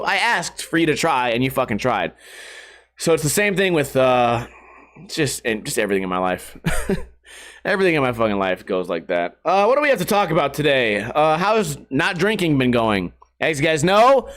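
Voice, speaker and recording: Young dude ranting on his skate podcast, kinda high voice, swearing a lot, annoyed. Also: very animated, normal speed, a bit bright. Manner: profane, exasperated ranting with mocking voices. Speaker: skateboarding YouTuber. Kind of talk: casual podcast rant.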